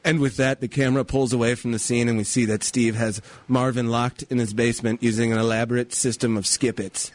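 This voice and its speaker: A man's voice: medium pitch, flat delivery, a little fast, few pauses, slight background noise. A man narrating a comedy sketch in a mock-dramatic storybook manner.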